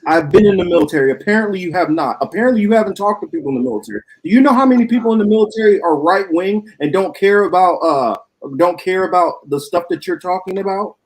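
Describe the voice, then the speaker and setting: Man, slightly high voice, blunt and profane, heated political debate. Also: quick pace, low-quality recording. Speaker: political show co-host.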